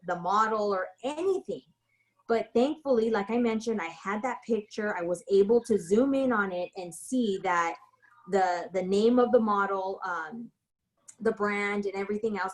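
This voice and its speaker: A woman's voice: mid-range voice, rough recording. A woman real estate broker giving a casual tutorial, telling stories in a chatty way full of fillers and restarts.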